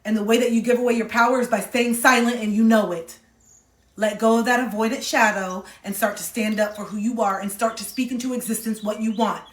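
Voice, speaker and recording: A woman's voice: on the high side, roomy sound, recorded from a distance. A woman giving a loose, free-flowing spiritual reading with casual cussing, talking straight to her viewers. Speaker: spiritual coach and tarot reader.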